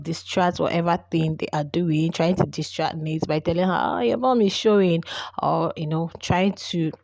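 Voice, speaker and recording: Chatty woman with a lowish, dry voice. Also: darkish tone, no room sound. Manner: chatty, repeats herself, many "you know" fillers. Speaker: reality show commentator. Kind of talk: casual chat.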